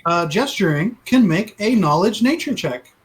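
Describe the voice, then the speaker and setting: A man's voice: high voice, animated, moderate pace. A man running a tabletop game as dungeon master, narrating in a playful, rambling way and laughing at his own story.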